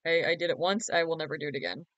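A woman's voice: deep voice, rapid-fire, fairly bright tone, no room sound, highs cut off. A young woman chatting casually on a late-night game stream, giggly, teasing and sleepy. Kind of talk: casual live-stream chat.

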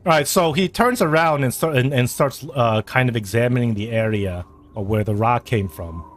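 A man narrating a tabletop game as game master, halting with many fillers. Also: medium pitch.

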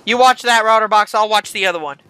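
Gamer explaining stuff to a buddy, bright and smooth voice, pretty steady. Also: mid-range voice, fast talker, no room sound. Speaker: co-op player. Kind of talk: casual game commentary.

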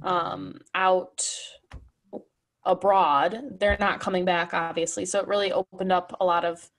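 A woman's voice: lowish voice, fairly even intonation, measured pace. A woman co-hosting a sports podcast, talking casually with lots of fillers. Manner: chatty, many fillers and likes. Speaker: podcast co-host. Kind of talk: casual chat.

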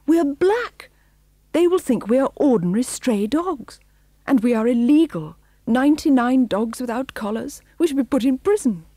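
A woman voicing Missus, a gentle, worried female Dalmatian mother, speaking in an anxious, earnest way. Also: mid-range voice, sing-song, fairly quick, breathy edge, no room sound, clean studio sound.

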